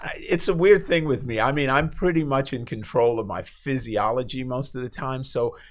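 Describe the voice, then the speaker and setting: A man who is a guest on a radio talk show, telling stories in a lively way, laughing often and acting out the people in them. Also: medium pitch, normal speed. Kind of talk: animated storytelling in a talk show.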